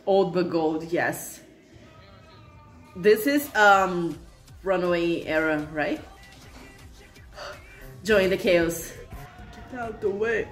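In a lowish voice, a woman reacts to a video extremely slowly, leaving long pauses between her giggly, gushing remarks and frequent bursts of laughter. The room echoes, and faint music plays in the background.

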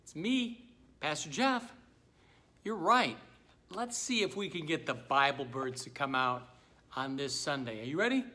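Bright, animated pastor man talking to kids. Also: a little high, unhurried, long pauses. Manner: animated, sing-song, speaking to young children. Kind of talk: children's message.

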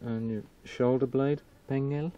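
A man's voice: medium pitch, steady tone, unhurried. A man eliciting words in a field session, giving English glosses and checking pronunciations. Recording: dull distant old field tape.

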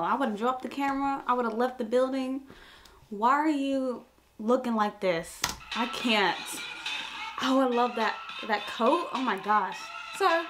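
A flustered young woman reacts aloud on camera, her voice sitting a little high and her delivery slow and drawn out. Her exclamations tumble over each other as she keeps talking to herself, with faint music playing underneath. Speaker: reaction video host. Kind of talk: casual reaction commentary.

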